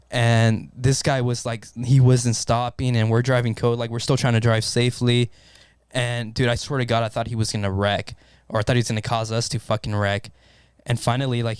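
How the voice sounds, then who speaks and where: A man in a casual podcast chat, telling a story in an animated way and swearing constantly. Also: medium pitch, smooth, dry recording. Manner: animated, swears constantly, acts out his own panic. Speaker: podcast co-host.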